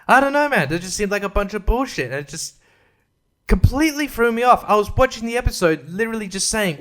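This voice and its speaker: A man's voice: sits high, lively intonation, a little fast, a bit bright. A man hosting a podcast, ranting casually and exasperatedly about a TV finale, swearing and mimicking the characters. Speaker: podcast host.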